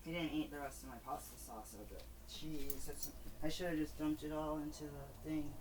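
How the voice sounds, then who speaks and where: Woman, low voice, rambling casual vlog chat, noisy background hum. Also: fairly even intonation, normal speed. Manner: rambling, chatty, with fillers. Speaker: vlogger.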